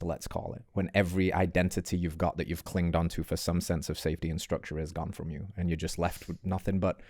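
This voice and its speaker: Deep-voiced man hosting, reflective. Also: no room sound, clean studio sound. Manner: warm, reflective, moved. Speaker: podcast host. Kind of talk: interview conversation.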